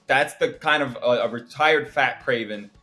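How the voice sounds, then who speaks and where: A man's voice: mid-range voice, moderate pace, pushed and bright. Male podcast co-host, casual chat, scornful critic, faint background music.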